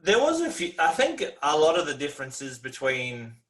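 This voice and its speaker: A man's voice: fairly high pitch, wildly swooping pitch, normal speed, fairly bright tone. An Australian man chatting casually over a video call, easygoing and rambling, laughing often. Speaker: guest.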